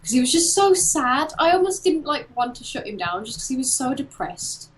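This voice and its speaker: A woman's voice: high voice, normal speed, low-quality recording. Chatty woman streamer, faint hiss. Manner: animated storyteller, acts out quotes and laughs often. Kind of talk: casual chat while drawing.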